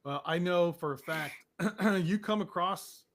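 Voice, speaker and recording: A man's voice: high voice, a little slow, fairly bright tone, a little hiss or hum. A man co-hosting a podcast, chatting in an easygoing, reassuring way. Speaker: podcast co-host. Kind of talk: casual chat.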